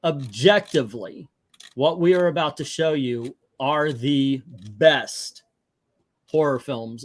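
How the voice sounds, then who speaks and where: A man's voice: fairly high pitch, lively intonation, takes it slowly. A middle-aged man hosting a casual movie chat, joking, rambling and emphatic. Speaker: host.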